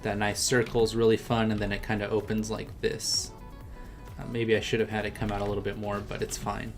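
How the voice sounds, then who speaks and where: A man's voice: on the low side, completely flat delivery, fairly quick, music in the background. A man chatting casually on a live stream as he draws, talking through his work and laughing often. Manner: chatty, laughs often, reads chat aloud. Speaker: artist streaming his drawing. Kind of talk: casual live-stream chat while drawing.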